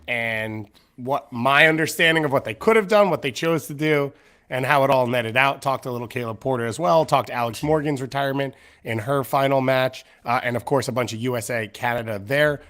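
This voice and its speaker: A man's voice: medium pitch, a bit bright. Rambling young man hosting a live stream. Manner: rambling, self-mocking. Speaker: podcast host. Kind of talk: casual live-stream chat.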